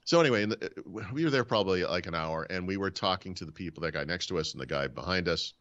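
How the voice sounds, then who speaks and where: Deep-voiced man telling a lively story. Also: quick pace, muffled recording. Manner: animated storyteller, acts out quoted dialogue. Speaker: podcast host. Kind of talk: casual chat, storytelling.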